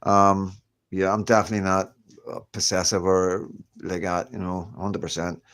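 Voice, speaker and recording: Speaking from indoors at home, a middle-aged livestreamer keeps things friendly and comforting, often tossing in "you know what I mean." His voice sits low and level, a bit bright, at a normal speed.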